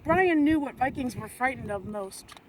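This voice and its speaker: High-voiced teacher reading on windy cliffs. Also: female voice, moderate pace. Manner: lively read-aloud voice for children. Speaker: elementary school teacher. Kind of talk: reading a picture book aloud. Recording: loud wind noise outdoors.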